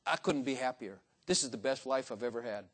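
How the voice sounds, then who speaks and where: A man's voice: medium pitch, a little fast, a bit bright. An older man preaching a sermon in a folksy, joking way, acting out little dialogues in different voices. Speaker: pastor.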